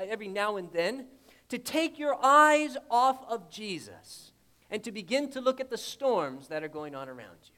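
A man with a strikingly high voice preaches a sermon in a dramatic style. He swings from loud declarations to hushed, intimate asides and keeps asking his listeners rhetorical questions. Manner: retells the scripture story vividly.

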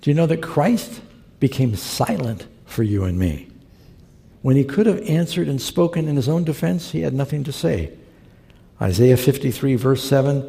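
Man preaching, gravelly, mellow dark tone, earnest storytelling, long hall reverb. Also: medium pitch, expressive, moderate pace. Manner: earnest, conversational storytelling with scripture quotes. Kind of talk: sermon with storytelling.

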